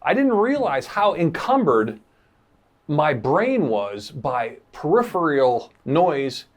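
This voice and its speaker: A man co-hosting a casual podcast, his voice sitting a little high and swinging widely in pitch. He tells stories with lots of animation and acts out what his inner voice says. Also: slow pace. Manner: animated storytelling, acting out his own inner voice. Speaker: podcast co-host. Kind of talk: casual chat.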